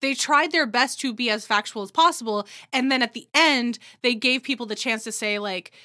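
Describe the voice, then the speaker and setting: A young adult woman co-hosting a podcast, chatting casually in a rambling, animated way full of "like" fillers. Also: fairly high pitch, moderate pace. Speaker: podcast co-host. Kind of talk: casual chat.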